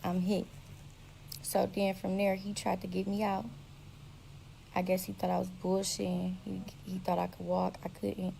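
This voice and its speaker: A young woman telling her own story in a blunt, profane, animated way. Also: medium pitch, moderate pace, gravelly, slight background noise, poor audio. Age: young adult. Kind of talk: casual storytelling.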